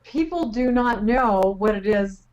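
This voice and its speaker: A woman of middle pitch co-hosts a radio interview show. She puts questions to the guest in a conversational, inquisitive manner. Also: expressive, a little slow, darkish tone, highs cut off. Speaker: co-host.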